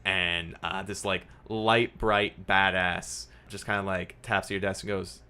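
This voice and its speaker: A man's voice: low voice, level tone, measured pace, hardly any pauses, sharp tone, clear, resonant tone. A man narrating a tabletop game as game master, rambling with many fillers.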